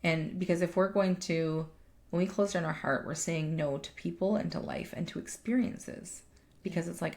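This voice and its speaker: A woman's voice: fairly low pitch, steady tone, normal speed, gravelly. A woman life coach and podcast co-host chatting casually, emphatic, swearing freely and often restarting her sentences. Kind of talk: casual chat.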